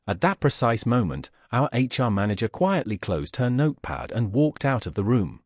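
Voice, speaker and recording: Man, scripted anecdote narration, wry, lively pitch, husky voice. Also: moderate pace, few pauses, no echo, studio quality. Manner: wry, storytelling.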